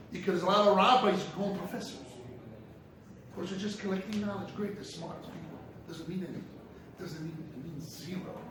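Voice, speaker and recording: A man's voice: sits high, fairly bright tone. A man who heads a yeshiva, giving an emphatic ethical sermon to his students. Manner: impassioned and emphatic, sometimes rising to cries. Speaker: head of a yeshiva. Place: large echoey study hall. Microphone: distant room mic. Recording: very echoey hall, far from the mic, faint noise.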